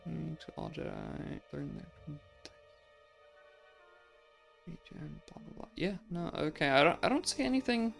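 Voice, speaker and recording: A man's voice: fairly high pitch, animated, moderate pace, vocal fry, a bit bright, soft background music. A man hosting a let's play, giving casual gameplay commentary in a chatty, musing way, often saying "like" and laughing.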